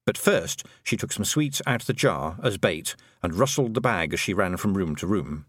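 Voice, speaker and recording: A man narrating a children's fantasy audiobook, expressive and playful. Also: deep voice, moderate pace, husky, dry recording, studio quality. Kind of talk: scripted narration.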